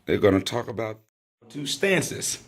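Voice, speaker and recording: A man's voice: lowish voice, sing-song, measured pace. A man teaching a hands-on training class, praising often and calling out drill commands. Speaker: firearms instructor.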